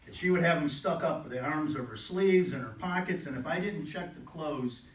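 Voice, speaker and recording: A middle-aged man giving a eulogy for his mother, telling stories with gentle humor. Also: a little high, moderate pace. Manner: heartfelt, gently humorous storytelling. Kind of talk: memorial eulogy. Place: funeral home chapel. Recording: echoey room, distant mic, faint ambience.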